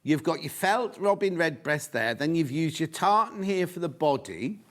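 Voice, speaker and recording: A man's voice: fairly high pitch, normal speed. Chatty man presenting live TV shopping. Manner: chatty and excitable, full of asides and sales counts. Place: TV studio.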